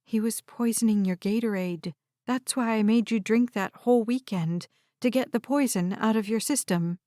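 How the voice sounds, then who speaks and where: Woman playing an anxious young woman, protective, soft and strained. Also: on the high side, normal speed, dry recording, studio quality, lightly acted. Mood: worried. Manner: gentle, soothing, strained.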